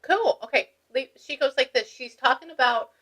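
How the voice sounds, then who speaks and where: A woman gives a medium reading, relaying messages in an excitable, chatty way. Her voice is bright and sits somewhat high, and she laughs easily between thoughts. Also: moderate pace, rough recording. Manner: excitable, laughs often, relays what a spirit says. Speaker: spiritual medium. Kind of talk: reading session for a client.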